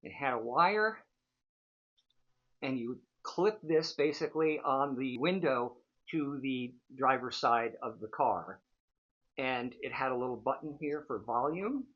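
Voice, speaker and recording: A man's voice: medium pitch, lively intonation, a little slow, lo-fi sound. A man in his sixties, a show host telling a casual, rambling story full of fillers. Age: 60s. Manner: chatty, rambling, frequent fillers.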